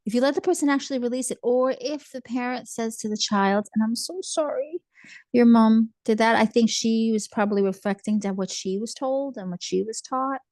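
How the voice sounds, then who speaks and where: A woman's voice: fairly high pitch, normal speed, darkish tone, dry recording. Woman therapist, earnest and reassuring, dry close sound. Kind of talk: casual chat.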